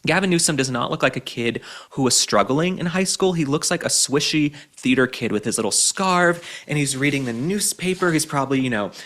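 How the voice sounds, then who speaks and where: A man's voice: on the high side, lively intonation, fairly quick, few pauses, a bit bright. A young adult man hosting an opinion commentary show, sarcastic, mocking and emphatic. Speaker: show host.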